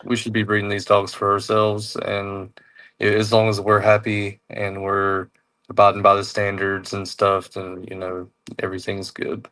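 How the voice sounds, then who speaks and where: A man's voice: fairly low pitch, monotone, normal speed, pushed and bright. A man co-hosting a casual talk show, speaking in an easygoing, reassuring way with lots of "you know.".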